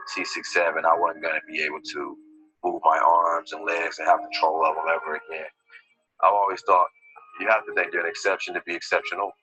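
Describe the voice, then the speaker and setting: A man's voice: low voice, level tone, brisk, pushed and bright. A man giving documentary testimony, telling his story with emotion and many fillers, over dull lo-fi video sound with music behind. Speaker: interviewee recounting his injury.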